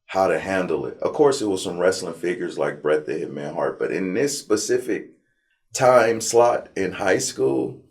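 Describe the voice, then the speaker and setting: Man, very low voice, slangy, animated storyteller. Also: normal speed, creaky. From Compton, California. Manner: animated storyteller, slangy, acts out his past self. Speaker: interview guest. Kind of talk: casual storytelling interview.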